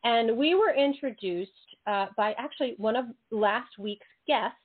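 A woman hosting an interview show, bubbly and quick to laugh, talking eagerly with her guest. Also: fairly high pitch, breathy edge. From United States. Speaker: host. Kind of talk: casual interview chat. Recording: tinny phone-like sound.

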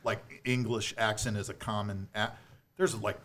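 A man guesting on a podcast who talks in a quick, wry way and keeps correcting the others. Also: lowish voice, fairly even intonation, a bit bright, slight background noise. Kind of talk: casual chat.

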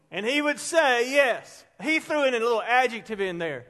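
High-voiced preacher in a reverberant hall. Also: male voice, normal speed, few pauses. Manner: conversational, builds stories to loud peaks. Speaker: pastor. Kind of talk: storytelling sermon. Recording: long reverb of a large hall.

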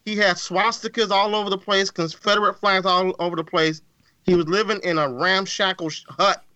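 A man's voice: high-pitched, steady tone, brisk, sharp tone, no room sound, highs cut off. A man co-hosting a podcast in casual chat, talking emphatically and repeating words for effect. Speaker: podcast co-host.

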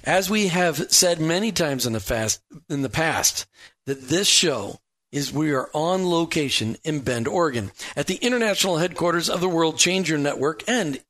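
A man hosting a talk radio show, with a voice a little higher than most men's. He keeps the talk upbeat and jokey and likes to tease his guests. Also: lively intonation, normal speed, a bit bright.

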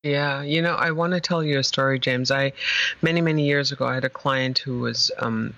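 A woman speaking as a guest, an image therapist telling an emphatic, animated story in conversation. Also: rumbling low, a little fast, no room sound, highs cut off. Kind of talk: conversational interview.

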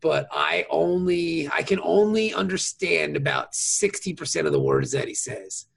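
A man hosting a podcast in casual chat, playful and quick to laugh. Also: on the high side, creaky, husky. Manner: laughs often, animated, playful. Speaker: podcast host.

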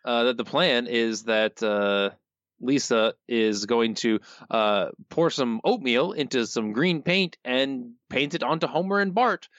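A man co-hosting a podcast, recapping an episode in a laid-back, deadpan way. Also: medium pitch, a little slow, no room sound, highs cut off. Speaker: podcast co-host. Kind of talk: casual chat, recapping an episode.

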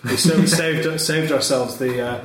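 A man's voice: on the high side, fairly even intonation, unhurried, crowd noise. A man co-hosting a podcast, rambling with dry, self-mocking jokes. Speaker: podcast co-host. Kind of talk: casual chat. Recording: roomy echo.

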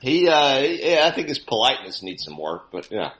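A man's voice: medium pitch, very animated, normal speed, fairly bright tone. A man on a podcast as a guest, cracking wry jokes and laughing often in casual chat.

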